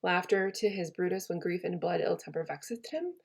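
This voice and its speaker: A woman's voice: fairly low pitch, brisk, breathy edge. A woman reading the part of a proud, touchy Roman general, a man, in a plain classroom reading. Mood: wounded. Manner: plainly read classroom verse, barely acted.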